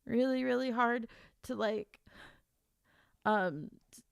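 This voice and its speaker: High-voiced emotional woman streamer. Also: slow, vocal fry, smooth, dry recording, studio quality. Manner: emotional, tearful, giddy rambling; stammering restarts. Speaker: author and streamer. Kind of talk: casual livestream chat.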